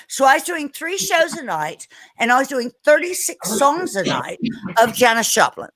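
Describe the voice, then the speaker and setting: A woman singer, a podcast guest, telling an animated story. She is emphatic, swears she is telling the truth and repeats words as she starts her sentences. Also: high voice, moderate pace, rough recording.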